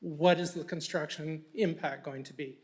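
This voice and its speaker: A man's voice: on the high side, fairly even intonation, moderate pace. Joking man questioning developers. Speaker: resident speaking at council meeting. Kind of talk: public comment. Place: council chamber.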